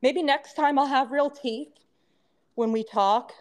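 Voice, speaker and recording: High-voiced woman with a lisp. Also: takes it slowly. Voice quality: lisp from temporary crowns. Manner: chatty, rambling, laughs often. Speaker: podcast co-host. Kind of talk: casual chat.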